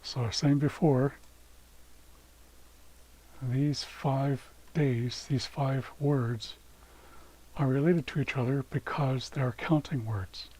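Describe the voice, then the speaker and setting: A man teaches words during a screen-share lesson, taking his time. His voice has a husky, breathy edge, and he says each new word twice so the listener can copy it. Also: mid-range voice, steady tone, slow pace, long pauses, warm tone, rough recording. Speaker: language teacher.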